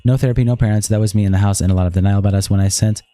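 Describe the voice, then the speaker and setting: Rapid low-voiced man reading texts aloud. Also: fairly even intonation, warm tone, no room sound, faint music behind. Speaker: streamer. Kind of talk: reading a text-message exchange aloud.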